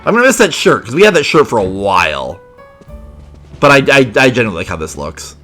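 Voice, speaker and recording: A man talking casually while playing a video game, chatty and excitable. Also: medium pitch, a little fast, soft background music. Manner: chatty, excitable, reads game dialogue aloud. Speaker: gaming video host. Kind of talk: casual let's play commentary.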